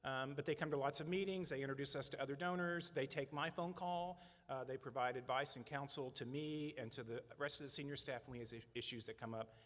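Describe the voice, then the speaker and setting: A middle-aged man who runs a nonprofit speaks earnestly and conversationally to donors at a fundraising breakfast, often slipping in "right?" tag questions. His medium-pitched voice is brisk and fairly bright, and the large event hall gives the recording heavy banquet-hall reverb.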